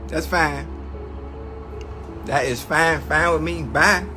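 A man's voice: a little high, takes it slowly, loud music behind the voice. A man ranting to his livestream chat in a comedic, mock-outraged way, slangy and profane, repeating lines for effect.

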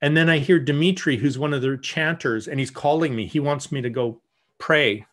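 A man teaching in a church, telling a personal story in a candid sermon style, with some lines dropped to soft murmured prayer. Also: a little high, normal speed. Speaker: guest teacher.

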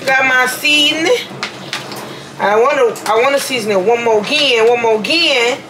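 A woman's voice: on the high side, fairly quick, background noise. A young woman chatting playfully to viewers while cooking dinner in her home kitchen, sounding sleepy with a slightly worn voice. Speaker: vlogger. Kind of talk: casual cooking vlog.

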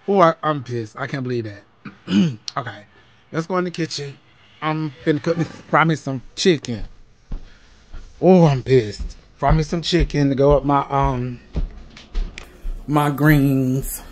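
A man's voice: fairly high pitch, unhurried. A man, chatting and cussing animatedly as he cooks at home for a phone-camera vlog. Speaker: vlogger. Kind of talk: casual cooking vlog chatter. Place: home kitchen. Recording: music playing behind the voice.

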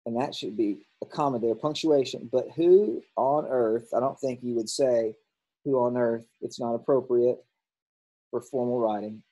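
A man teaching a grammar lesson, working through workbook answers out loud, thinking aloud and correcting himself as he goes. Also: medium pitch, steady tone, normal speed, low-quality recording.

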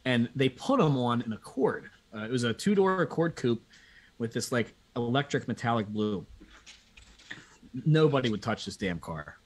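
A man from Pennsylvania, a guest on a live video call talk show, telling animated, profane anecdotes in a casual way. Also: medium pitch, normal speed. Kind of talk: casual storytelling chat.

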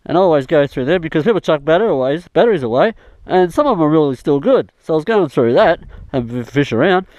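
A man's voice: fairly high pitch, animated, quick pace, a little mellow, no room sound, dull audio. An Australian man vlogging outdoors in the bush, rambling and swearing mildly as he chats. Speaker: travel vlogger. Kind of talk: casual self-filmed chat.

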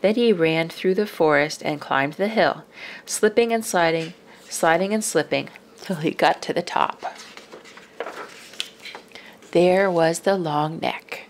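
Storybook reader, woman, low-pitched and expressive, faint hiss behind. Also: slow, long pauses. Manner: expressive, drops to whispers for suspense. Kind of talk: children's book read-aloud.

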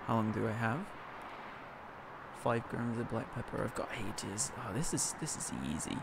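Streaming a cooking game, a man from northern England chats casually, thanks viewers by name and jokes about himself. His medium-pitched voice is creaky, at a normal speed with frequent pauses, and there's background noise.

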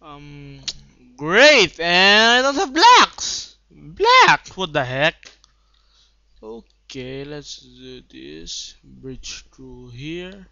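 A young man giving live gameplay commentary, bursting into excited shouts and then muttering low asides. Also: very slow, gravelly, dry recording. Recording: dull lo-fi home recording.

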